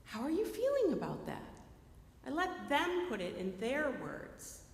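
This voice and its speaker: A woman preaching a sermon in a lively, conversational way, often checking in with her listeners by asking "right?". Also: sits high, measured pace. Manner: animated, keeps checking in with the audience by asking "right?". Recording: echoey hall with long reverb.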